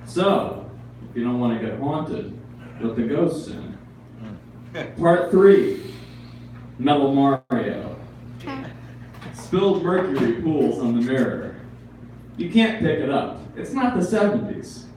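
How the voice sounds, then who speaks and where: A man's voice: medium pitch, animated, takes it slowly, pauses often, a little mellow, a little hiss or hum. A man reading his poems at a live event, wry, with joking asides. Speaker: poet. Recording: echoey room, mic far off.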